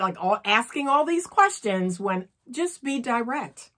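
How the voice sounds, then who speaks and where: A woman's voice: medium pitch, animated, moderate pace, few pauses, a bit bright. A woman coaching viewers in an earnest instructional talk, often checking in with "okay?". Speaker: relationship coach.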